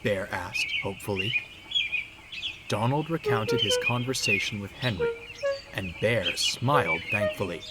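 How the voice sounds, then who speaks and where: A man narrating a storybook tale in a measured, expressive way. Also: on the low side. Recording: loud background noise.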